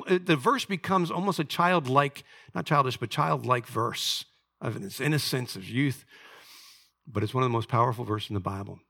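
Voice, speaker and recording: A man preaching a sermon as pastor, moving between soft confiding storytelling and loud, fervent peaks. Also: medium pitch, animated, moderate pace, creaky, husky. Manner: drops to soft confiding tones for personal story.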